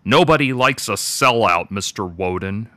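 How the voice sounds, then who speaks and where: A man's voice: on the low side, animated, normal speed, fairly bright tone, no echo. A man voicing a stern, lecturing talking tree. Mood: disapproving. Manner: lecturing, disapproving.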